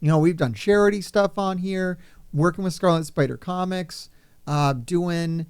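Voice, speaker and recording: Gaming YouTuber, male, slightly high and smooth voice, rambling and profane, unscripted vlog delivery. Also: moderate pace, darkish tone. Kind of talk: off-the-cuff vlog chat.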